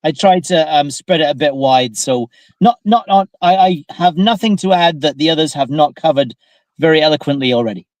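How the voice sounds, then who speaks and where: A man's voice: on the high side, fairly quick, no echo. A man talking in a casual podcast discussion, hesitant and polite, with some stammering. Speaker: podcast panelist.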